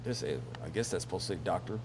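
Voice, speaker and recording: A man's voice: sits low, quick pace, noisy background. A man hosting a casual news commentary show, rambling and joking with lots of fillers and laughs. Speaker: host.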